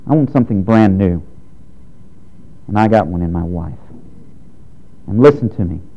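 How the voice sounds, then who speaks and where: A man's voice: on the low side, lo-fi sound. A man in his thirties preaching a sermon to his congregation, direct and frank, with strong emphasis. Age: 30s. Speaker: pastor.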